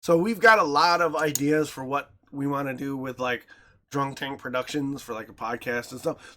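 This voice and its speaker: A man, co-hosting a podcast in casual chat, animated and quick to laugh. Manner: animated, laughs often, jumps into squeaky voices when retelling. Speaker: podcast co-host.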